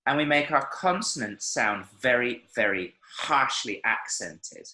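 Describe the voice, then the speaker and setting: A man's voice: mid-range voice, bright, forceful tone. A man teaching a Spanish class online, encouraging his students and demonstrating pronunciation aloud. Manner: encouraging, explains with spoken examples. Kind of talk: online language lesson. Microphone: video call. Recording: echoey room.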